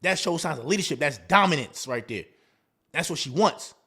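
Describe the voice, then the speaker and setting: A man's voice: a little high, lively intonation, fairly quick, vocal fry, pushed and bright, breathy edge. A man hosting a dating advice talk, in a casual, slangy monologue that acts out quoted lines.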